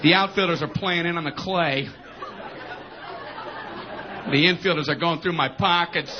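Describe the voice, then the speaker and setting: A man doing a stand-up comedy routine, telling stories in an animated way and acting out shouted voices. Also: on the high side, unhurried, pauses often, crowd noise. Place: comedy stage before a live audience. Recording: dull lo-fi live recording with audience laughter and noise.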